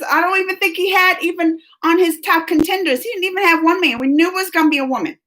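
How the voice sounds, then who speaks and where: A woman from the United States hosting a live stream, chatting casually and excitably, rambling with frequent restarts and laughing often. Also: high voice.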